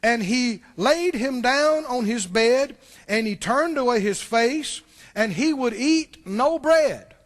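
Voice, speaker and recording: A man with a strikingly high voice preaches to his congregation. He talks in a relaxed, conversational way, keeps asking the listeners questions, and repeats words as he restarts a thought. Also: slow. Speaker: pastor. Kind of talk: sermon.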